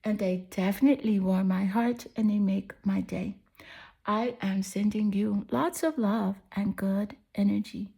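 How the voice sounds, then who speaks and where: Mellow-voiced woman giving a tarot reading. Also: mid-range voice, unhurried, vocal fry. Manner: soothing, affirming, chatty with "you know" fillers. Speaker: tarot reader. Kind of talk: pick-a-card tarot reading.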